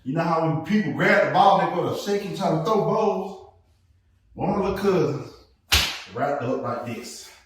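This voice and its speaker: A man hosts a loose podcast chat, his voice sitting a bit high and swinging widely as he acts out stories. He laughs often. He sounds set back from the mic in a very echoey room. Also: normal speed, recorded from a distance, slight background noise. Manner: animated storytelling, laughing often. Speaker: podcast host. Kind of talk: casual chat.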